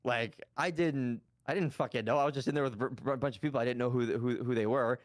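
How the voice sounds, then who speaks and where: A man spins a loose story in relaxed conversation, stumbling over restarts and swearing freely. His voice sits at a middling pitch and sounds dry and close to the mic. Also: quick pace, no room sound. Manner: rambling, restarts often, swears casually. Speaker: guest streamer. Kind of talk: casual storytelling chat.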